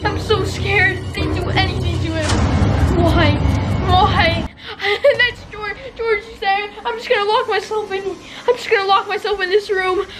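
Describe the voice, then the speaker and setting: A woman hosting a staged scary vlog at home. She talks in a panic, repeating pleas and denials and swinging between shrieks and low murmurs. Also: steady tone, normal speed, hardly any pauses. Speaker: YouTuber host. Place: at home indoors. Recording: loud music under the voice.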